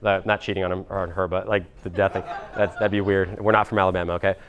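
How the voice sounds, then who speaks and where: A man's voice: low-pitched, little pitch movement, fast talker, a bit bright, lo-fi sound, a little hiss or hum. A man in his twenties telling a story at a seminar, casual and rambling, swearing now and then. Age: 20s. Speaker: motivational speaker.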